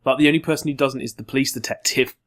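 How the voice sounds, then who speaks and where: A man co-hosting a podcast, chatting casually in a quick, sarcastic way. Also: medium pitch, a bit bright. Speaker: podcast co-host. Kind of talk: casual review chat.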